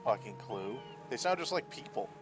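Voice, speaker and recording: A man chiming in with quiet, dry quips during a game stream. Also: medium pitch, big pitch swings, moderate pace, a little hiss or hum. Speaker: co-commentator. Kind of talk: casual gameplay banter.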